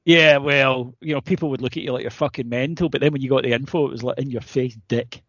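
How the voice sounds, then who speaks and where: A man's voice: medium pitch, steady tone, quick pace, a bit bright, no echo, muffled recording. A British man co-hosting a podcast, ranting and swearing in casual chat. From Britain. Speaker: podcast co-host.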